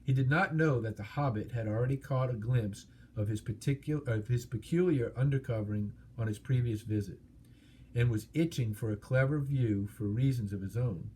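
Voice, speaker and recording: A man narrating an audiobook in a steady, expressive storytelling manner. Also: medium pitch, moderate pace, slight background noise.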